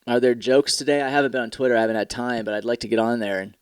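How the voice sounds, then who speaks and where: A man's voice: medium pitch, racing, smooth, no room sound. Young male podcast host, worn out, profane and sarcastic, dry close sound. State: tired. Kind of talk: casual solo podcast rant.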